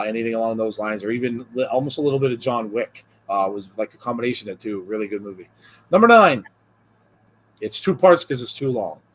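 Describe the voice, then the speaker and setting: A man's voice: lowish voice, husky. A man co-hosting a wrestling podcast in casual chat, reading out viewer jokes with frequent chuckles and a loose, rambling delivery full of fillers. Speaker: podcast co-host.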